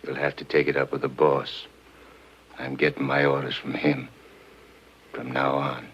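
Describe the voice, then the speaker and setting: A man's voice: a bass voice, monotone, measured pace, fairly bright tone, slightly rough, exaggerated voice. An actor playing a tough male gangster in a 1940s film, talking in menacing street slang. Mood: cocky. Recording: muffled old film soundtrack with music.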